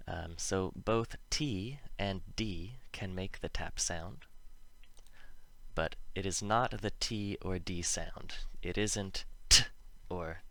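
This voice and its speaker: A man's voice: deep voice, slow, a bit bright, no echo. A man teaching English pronunciation, explaining patiently and stressing each example word with care. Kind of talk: explanatory lesson with slow example words.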